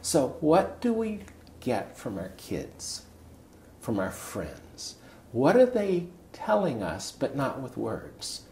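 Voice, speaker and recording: An older man in his sixties talks as a coach, with an animated, lively delivery whose pitch rises and falls a lot as he tells a story. He is recorded in a somewhat roomy space with a faint hum of ambience behind him. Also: slow pace, gravelly. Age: 60s. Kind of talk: storytelling in a conversation. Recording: echoey room with faint ambience.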